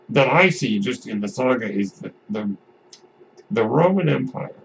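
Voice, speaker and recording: A man hosting a podcast, talking casually about films in a rambling way, often restarting his sentences. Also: lowish voice. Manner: rambling, with frequent restarts and asides. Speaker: podcast host. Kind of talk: casual film commentary. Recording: dull lo-fi audio with faint noise.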